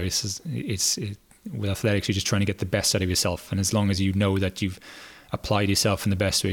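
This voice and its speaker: British guy on a podcast, lowish voice, lots of ums and restarts. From Britain. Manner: relaxed, thinks aloud with many fillers and restarts. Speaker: guest, former hurdler. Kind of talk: casual podcast interview.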